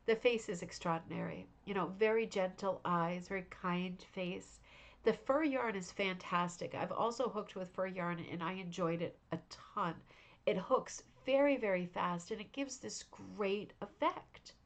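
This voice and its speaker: Tired woman host, mid-pitched, gushing over crafts in easy chat at home. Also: a little slow. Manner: warm, effusive praise with frequent fillers. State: tired, yawning. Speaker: host of a rug hooking club show. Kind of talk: casual livestream chat reviewing viewers' crafts.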